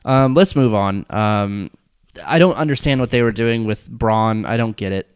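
A man's voice: fairly low pitch, normal speed, clear, resonant tone, no echo. A man hosting a wrestling podcast, steering the casual chat with dry remarks. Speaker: podcast host.

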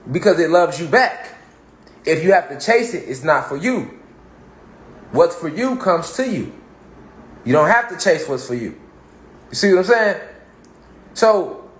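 A man giving a casual motivational monologue on spirituality, talking in street slang and repeating phrases for emphasis. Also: high voice. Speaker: spiritual talk host. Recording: echoey room.

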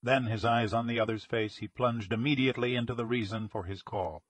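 A man reading a detective story aloud in a measured storytelling manner. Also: mid-range voice, fairly even intonation, dry recording. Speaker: audiobook narrator. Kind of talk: scripted narration of a detective story.

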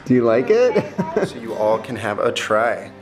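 A woman's voice: very deep voice, very animated, measured pace, over music. A woman hosting a family vlog, playful and teasing as she tallies the kids' votes. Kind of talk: casual family vlog chat.

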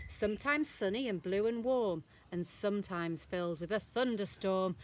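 A woman infant school teacher reading a rhyming picture book aloud to young children, slow, sing-song and expressive, leaning into the rhymes. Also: mid-range voice.

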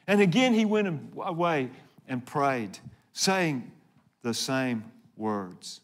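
A man's voice: mid-range voice, lively intonation, slow pace. A male pastor preaching a sermon, earnest and dramatic, often asking the congregation questions.

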